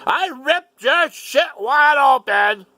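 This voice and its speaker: A man putting on the voice of an overexcited male doctor, in a shrill, mocking, sing-song way. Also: expressive, slow, pushed and bright, exaggerated voice. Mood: gloating.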